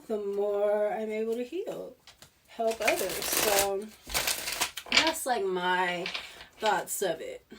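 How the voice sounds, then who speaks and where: Woman tarot reader, unhurried rambling chat, mid pitch, voice set back from the mic. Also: recorded from a distance. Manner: rambling, laughs often, with restarts. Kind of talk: casual spiritual chat.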